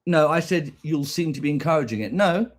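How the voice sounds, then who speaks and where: Husky combative British man. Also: on the high side, lively intonation, fairly quick. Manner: combative, profane, repeats himself. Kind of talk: ranting reply to viewers.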